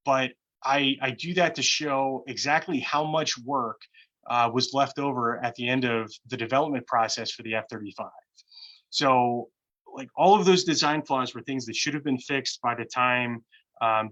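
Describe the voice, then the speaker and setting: A man, a defense analyst, explaining at length in a halting, earnest way with many fillers and restarts. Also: mid-range voice, pushed and bright, highs cut off. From United States. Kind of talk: explanatory discussion.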